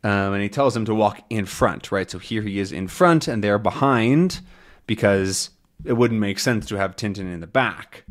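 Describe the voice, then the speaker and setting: A man, an English teacher, patiently explaining a comic story to learners. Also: on the low side. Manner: slow, patient, clear explaining.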